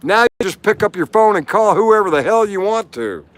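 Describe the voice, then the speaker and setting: Boisterous joking male live streamer, high voice. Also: expressive, moderate pace, a bit bright. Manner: joking, boisterous, breaks into song. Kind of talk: rambling live-stream chat with guitar and sung bits. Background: guitar playing.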